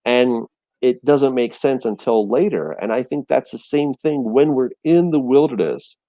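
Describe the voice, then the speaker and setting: Warm, dry-voiced man teaching. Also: mid-range voice, unhurried, no room sound. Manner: animated storytelling, acts out voices and quotes; repeats words, many restarts. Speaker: teacher of a Bible study show. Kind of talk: casual Bible discussion.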